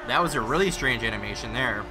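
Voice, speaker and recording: A man giving casual commentary while playing a video game, reacting out loud and talking himself through each move. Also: medium pitch, expressive, fast talker, noisy background. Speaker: gaming YouTuber.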